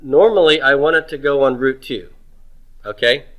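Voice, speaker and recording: Man, middle-aged, teacher, bright forceful voice, lecture, asks and answers his own questions. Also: mid-range voice, poor audio. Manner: asks questions and answers them himself, drawing out words slowly. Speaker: Hebrew grammar teacher. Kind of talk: homework review lecture.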